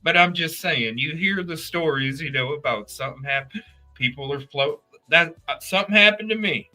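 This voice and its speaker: A man hosting a casual true crime livestream, talking straight to his chat viewers in an animated, profane, rambling way. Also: fairly high pitch, normal speed, faint music behind.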